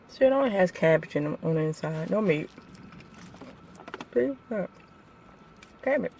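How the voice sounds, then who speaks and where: A woman's voice: on the low side, animated, a little slow, creaky, pauses often. A woman vlogging casually outdoors, chatting straight to her viewers. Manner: chatty, addresses viewers directly. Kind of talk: casual vlog narration. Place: outdoors among traffic and shops. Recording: loud traffic and street noise.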